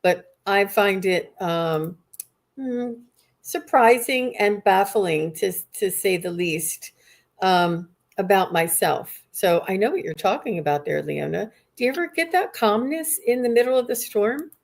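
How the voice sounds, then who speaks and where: A woman hosting a livestream in an unhurried, reflective manner. Her pitch sits in a middle range and her delivery is gentle and thoughtful. She often pauses to gather her thoughts. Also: lively intonation, gravelly. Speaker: host. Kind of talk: livestream conversation.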